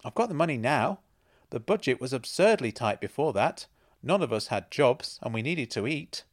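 A man's voice: medium pitch, expressive, moderate pace, pitched above the performer's own voice, lightly acted. A man voicing a playful, self-assured woman who teases and mocks. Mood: knowing. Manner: teasing, knowing, laughs at others.

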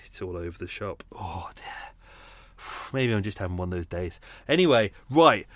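Speaking from his home with no room sound, a British man hosts an unedited, casual podcast, rambling, grumbling, and cutting himself off. His voice sits low with lively intonation at a moderate pace, and he sounds shaken and a little breathless.

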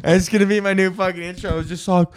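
A man's voice: sits high, fairly even intonation, quick pace. A young man hosting a comedy podcast, ranting casually with lots of swearing and laughter. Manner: profane, laughing, jumps into silly mock British voices. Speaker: podcast host.

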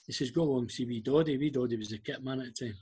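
Speaking fast with a dark, breathy edge, this medium-pitched older man has a Scottish accent. He is a guest and former club liaison officer, telling anecdotes in a casual interview. When he quotes people from his stories, he performs their voices.

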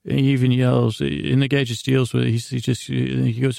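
A man hosting a slow bedtime podcast, recapping a TV episode in a meandering, hesitant way with frequent restarts. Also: mid-range voice, level tone, vocal fry, a little mellow, dry recording, studio quality. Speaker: podcast host.

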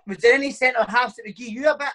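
Talking fast in an extremely high, sharp voice over poor-quality audio, this Glaswegian ex-footballer runs his podcast as a casual chat. He teases cheekily and spins stories laced with swearing.

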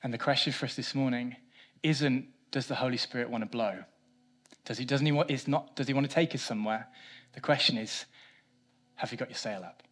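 A man preaching a sermon, swinging between loud emphatic lines and quiet low ones, with a self-mocking touch. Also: fairly quick. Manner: animated preaching, rising loud for emphasis then dropping soft. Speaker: pastor.

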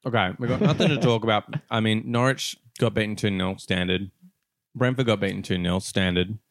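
A man's voice: on the low side, a little fast, no echo, studio quality. A man co-hosting a casual football podcast, laid-back and joking, with swearing and laughs. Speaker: podcast co-host.

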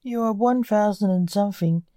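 A woman voicing a surly, sarcastic grown son who snaps back at his father, in a mellow voice. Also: mid-range voice, moderate pace, no room sound, clean studio sound, lightly acted.

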